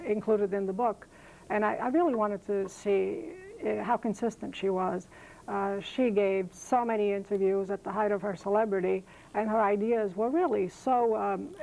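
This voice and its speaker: A woman's voice: mid-range voice, vocal fry, a little mellow, slight background noise, rough recording. A woman professor answering interview questions thoughtfully, with frequent fillers and self-corrections.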